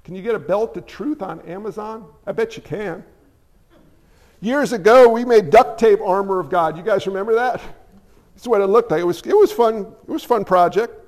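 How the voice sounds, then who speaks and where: A man's voice: high-pitched, normal speed, darkish tone, big-room sound. A man preaching a casual sermon, conversational with jokey asides, acting out bits of dialogue. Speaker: pastor.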